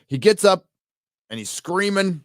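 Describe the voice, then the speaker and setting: A man's voice: sits high, animated, a little slow, dry recording, studio quality. A man reviewing a TV show in a casual live commentary, blunt and sarcastic, full of fillers and restarts. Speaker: video reviewer.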